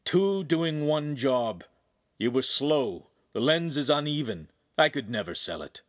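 A man's voice: mid-range voice, animated, a little slow, pitched above the performer's own voice, close to an everyday voice. A man voicing a stern, commanding master lens-maker in an audiobook. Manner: solemn, commanding.

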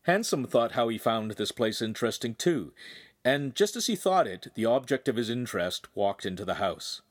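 An audiobook narrator reads a young adult novel aloud at a moderate pace, recorded cleanly in a studio with no echo. His scripted storytelling is lively, and he raises his pitch to voice each character.

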